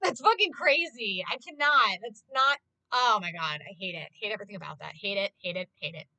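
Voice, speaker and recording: A woman's voice: medium pitch, expressive, a little fast, pushed and bright, no room sound, poor audio. A woman streamer chatting casually, ranting with lots of swearing and exasperation.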